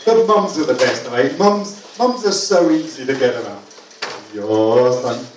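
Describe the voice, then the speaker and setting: Middle-aged guy doing stand-up, chatty, keeps checking w/ the crowd, slightly higher voice. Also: expressive, moderate pace, background noise. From England. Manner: chatty, asks the crowd for agreement. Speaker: stand-up comedian. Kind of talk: stand-up comedy set. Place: comedy club stage with live audience. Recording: echoey club, far mic, loud crowd.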